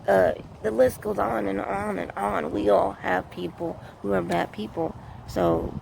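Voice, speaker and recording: A woman vlogger rambles earnestly through her opinions, circling back to the same points. Her voice is heavily gravelly, full of fry. The recording is noisy, with street and vehicle sounds behind her outdoors. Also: mid-range voice. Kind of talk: casual opinion monologue.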